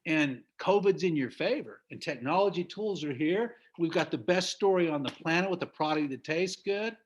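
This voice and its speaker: A man's voice: fairly high pitch, lively intonation, moderate pace, highs cut off, slight background noise. A middle-aged man from the United States giving an emphatic motivational business talk over a video call. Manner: emphatic, preachy, laughs at own stories. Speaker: business trainer.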